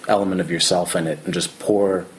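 A man on a podcast giving measured, reflective advice about storytelling in a casual chat. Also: low voice, steady tone, a little hiss or hum, low-quality recording. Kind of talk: casual book discussion.

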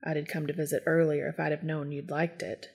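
A woman voicing a playful male vampire who has turned into a bat, piping shrill squeaks and soft amused asides. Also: moderate pace, gravelly, slightly rough, full character voice.

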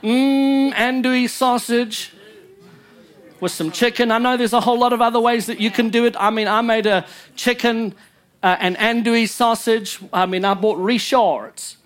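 A man's voice: very high voice, fairly even intonation, normal speed, fairly bright tone, some chatter behind. A male pastor preaching a sermon in church, emphatic and joking with his congregation.

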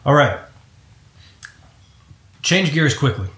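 A man's voice: a little high, big pitch swings, slow, a bit bright. Curious male podcast host, echoey room. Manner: curious, asks clarifying questions. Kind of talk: conversational interview. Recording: roomy echo.

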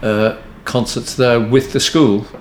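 A man's voice: mid-range voice, steady tone, slow, a little hiss or hum. A man in his eighties with a Liverpool accent, telling wry, meandering stories as a guest in an interview, often stopping and restarting his sentences. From Liverpool area, England. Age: 80s. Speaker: poet guest. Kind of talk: relaxed anecdotal interview answers. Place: hotel book room, indoors. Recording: roomy echo, faint ambience.

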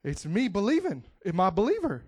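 A man preaching a lively sermon to his church, whooping and swinging between hushed lines and loud cries. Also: sits high, a little fast, breathy edge. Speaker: pastor.

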